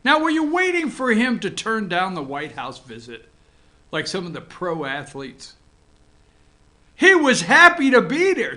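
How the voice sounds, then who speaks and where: A man's voice: sits high, huge pitch swings, moderate pace, bright, forceful tone. A man hosting a casual morning show from an office, joking around and talking to his crew. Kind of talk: casual talk-show commentary.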